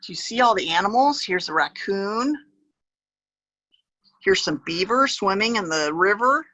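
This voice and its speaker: A woman reading a picture book aloud to children as a park educator, gently pointing to the pictures and adding animal sound effects. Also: mid-range voice, lively intonation, a little slow, no echo, rough recording.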